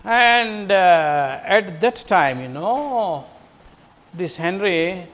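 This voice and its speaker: Brief: male English teacher, slow and repetitive, lively high voice. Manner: explains slowly, repeats phrases, fills pauses with "uh". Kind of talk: recorded class lesson explaining a play.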